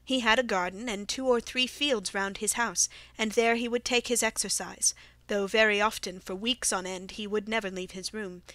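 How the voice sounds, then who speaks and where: A woman narrating a classic mystery audiobook in a measured, even storytelling manner. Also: mid-range voice, no echo. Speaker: audiobook reader. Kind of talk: scripted narration.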